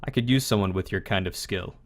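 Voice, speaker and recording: A man voicing a tall, sly male orc recruiter with a deep voice, smirking and measured. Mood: amused.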